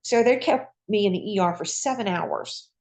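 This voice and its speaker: A woman, a retired nurse, telling her own patient story in a lively, folksy conversational way. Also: mid-range voice, moderate pace. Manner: lively, acts out voices in quoted dialogue. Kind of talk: personal storytelling.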